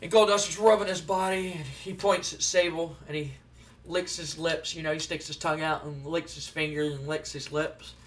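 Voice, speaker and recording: A man's voice: fairly high pitch, steady tone, moderate pace, fairly bright tone. A man giving casual, rambling commentary on a wrestling simulation game. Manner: rambling, conversational. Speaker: let's player. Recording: distant from the mic.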